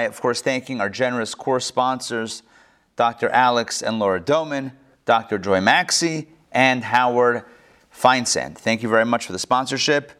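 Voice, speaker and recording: A middle-aged man teaching a class, telling jokes and asking his listeners questions as he goes. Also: mid-range voice. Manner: animated storyteller, joking and asking the class questions. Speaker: class instructor. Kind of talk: lecture with jokes to a live class.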